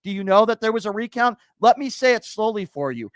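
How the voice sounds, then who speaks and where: A man's voice: sits high, lively intonation, brisk, no room sound. A man hosting a call-in political talk show, combative and sarcastic, insulting his callers.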